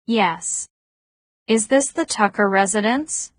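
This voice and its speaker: A woman voicing a guarded, persistent man in his thirties in an audiobook, at a slow pace. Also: mid-range voice, close to an everyday voice. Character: wary 37-year-old man, persistent and guarded.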